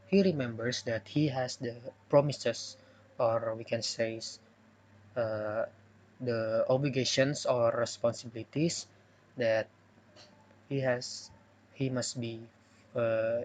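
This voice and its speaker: A young man whose first language is Indonesian gives a class presentation at a very slow, careful pace. He hesitates often, filling gaps with "uh" and correcting himself mid-sentence. His voice sits at a medium pitch. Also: darkish tone. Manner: hesitant, with many "uh" fillers and self-corrections. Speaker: student presenting a poem analysis.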